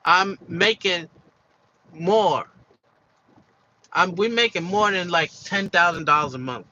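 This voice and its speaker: A man's voice: high-pitched, takes it slowly, pushed and bright, dull audio. A man giving an emphatic opinion monologue for his video channel, repeating his points with many fillers and restarts. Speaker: commentary vlogger.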